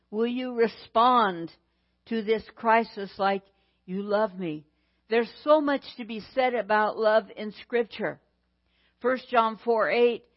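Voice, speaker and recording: A woman preaching a sermon in a deliberate, emphatic way, repeating phrases for weight. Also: mid-range voice, lo-fi sound.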